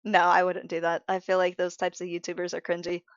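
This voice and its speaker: Her voice is fairly low, monotone and fairly quick, captured with no room sound and the highs cut off. She's a woman streamer drawing and chatting casually, tired from not sleeping much, rambling and interrupting herself while speaking frankly about her emotions.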